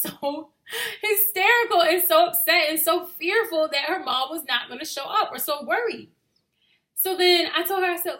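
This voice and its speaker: A woman's voice: high-pitched, moderate pace, sharp tone. A young woman, an educator, casually telling a personal story, chatty and laughing as she talks to her listeners as y'all.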